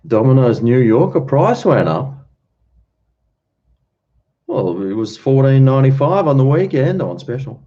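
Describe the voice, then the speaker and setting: A man's voice: mid-range voice, big pitch swings, a little slow, pauses often, dark tone, dull audio. A man hosting a casual livestream, chatting and rambling while he answers viewers' comments. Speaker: livestream host.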